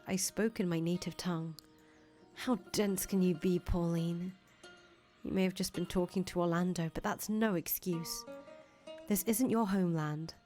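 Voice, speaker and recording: A woman's voice: on the low side, a little mellow, lightly acted. A woman voicing a flustered, friendly young traveler. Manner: chatty, easily flustered, stammers when nervous. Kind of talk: fan voice acting of a visual novel.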